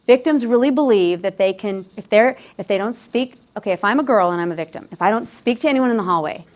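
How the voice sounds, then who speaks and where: A woman's voice: mid-range voice, quick pace. Woman giving a conversational talk. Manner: conversational, repeats and restarts phrases. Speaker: presenter on dating violence. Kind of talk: educational talk to students.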